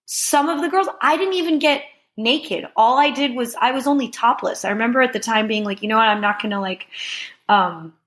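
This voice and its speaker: A woman in her thirties, a podcast guest, telling a long casual story in an animated way, laughing often and filling her talk with "like.". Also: fairly high pitch, fairly quick. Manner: animated, laughing, heavy use of "like".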